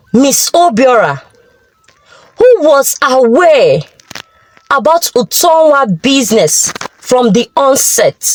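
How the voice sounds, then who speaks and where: A woman narrating a folktale in a slow, expressive way. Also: sits high, poor audio. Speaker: storyteller.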